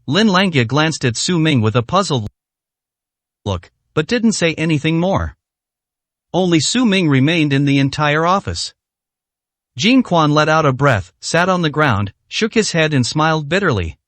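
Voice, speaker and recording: A man narrating a dramatic story in a steady, scripted reading. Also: fairly high pitch, no room sound.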